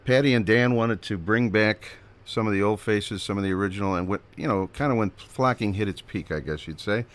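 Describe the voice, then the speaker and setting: Breathless, chatty low-voiced radio host. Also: male voice, brisk. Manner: chatty, upbeat, loose and rambling. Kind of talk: casual radio hosting.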